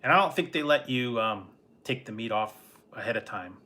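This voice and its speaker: A man's voice: mid-range voice, animated, brisk, bright, forceful tone. A man chatting casually on a late-night livestream, rambling in an easygoing way and chuckling often. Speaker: food vlogger.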